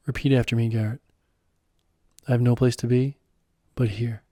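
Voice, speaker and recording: A man voicing a serene wise mentor, mellow and dry. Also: medium pitch, flat delivery, no echo, close to an everyday voice. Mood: calm. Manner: serene, unhurried, gently teasing. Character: calm wise male mentor and guide.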